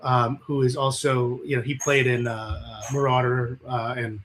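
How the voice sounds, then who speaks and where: A man's voice: mid-range voice, moderate pace, slight background noise. A man being interviewed as a guest musician, telling stories casually with lots of swearing and acted-out quotes. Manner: animated, profane, acts out the quotes in his stories.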